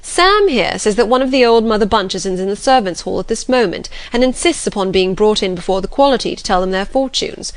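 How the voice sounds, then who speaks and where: A woman's voice: on the high side, big pitch swings, moderate pace, hardly any pauses, fairly bright tone, pitched above the performer's own voice. A woman doing eager jovial colonel.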